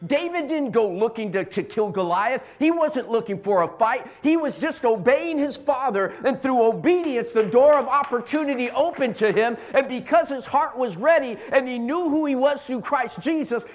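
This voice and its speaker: A man's voice: extremely high pitch, expressive, normal speed. A man preaching a sermon as pastor, impassioned and repeating lines for emphasis.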